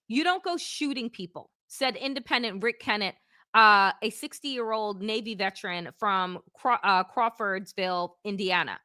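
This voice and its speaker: Fiery, bright-voiced woman commentator. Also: high voice, no echo, studio quality. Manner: blunt, fiery, swears for emphasis. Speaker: podcast co-host. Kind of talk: heated political commentary.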